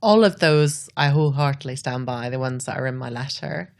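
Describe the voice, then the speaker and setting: A woman's voice: very deep voice, a little fast, vocal fry. A Scottish woman, a podcast guest, talking earnestly and reflectively, often saying "like". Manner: earnest, says "like" a lot.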